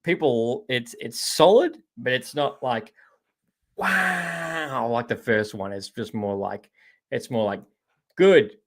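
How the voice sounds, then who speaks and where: A rambling, chatty Australian man hosts a live podcast in a casual, loose way. His voice sits at an ordinary middle pitch, and he keeps throwing in "mate" while he answers viewers. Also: animated, a little slow. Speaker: podcast host. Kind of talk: casual live-stream chat reading viewer comments.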